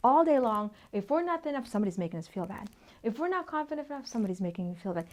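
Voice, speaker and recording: A woman's voice: a little high, sing-song, racing, a little mellow. Emphatic woman teaching, dips into whispers. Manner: emphatic, often drops to a near-whisper for emphasis; repeats "okay?" to check in with listeners. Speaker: women's workshop presenter. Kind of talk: teaching talk at a whiteboard.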